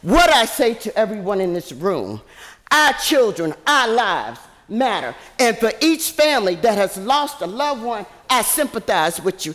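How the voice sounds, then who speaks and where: A woman's voice: mid-range voice, sing-song, a little slow, fairly bright tone. An older woman giving fiery, impassioned public testimony as a community activist, speaking in a preacher-like way. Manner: fiery, preacher-like, chanting slogans. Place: city council chamber. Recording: echoey council hall.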